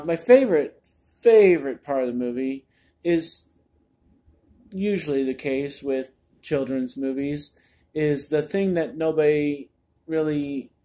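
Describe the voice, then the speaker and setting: A man's voice: fairly high pitch, dark tone. A man giving a casual spoken movie review, chatty and exasperated, often repeating words as he restarts a thought.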